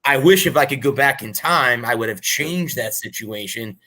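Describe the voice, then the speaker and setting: Bright-voiced man telling his story. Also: medium pitch, animated, normal speed. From Florida, US. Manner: reflective storytelling. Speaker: co-host, aspiring announcer. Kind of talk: casual chat.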